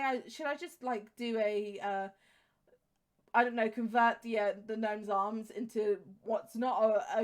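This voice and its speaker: A woman in her twenties with an English accent, giving rambling, chatty commentary over a game with many fillers and restarts. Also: medium pitch. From England. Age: 20s. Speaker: game streamer. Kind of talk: casual gameplay commentary.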